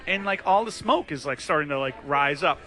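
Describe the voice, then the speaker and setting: A man in his thirties co-hosts a podcast from a bar, chatting casually in a fairly high voice at a slightly fast pace. He's an animated storyteller who acts out the quotes of the people in his stories.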